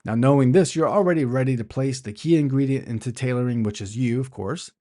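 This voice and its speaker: A man's voice: medium pitch, a little fast, warm tone. A man hosting an instructional podcast, teaching in a conversational way, asking rhetorical questions and often restarting his phrases. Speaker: podcast host.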